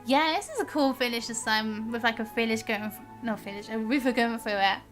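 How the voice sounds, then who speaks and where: A young woman live-streaming a game, reading its dialogue aloud with a high, bright voice. She chats in a bubbly way and laughs off her stumbles. Faint game music sits behind her. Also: brisk. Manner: chatty, bubbly, stumbles on words and laughs at herself. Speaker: gaming streamer.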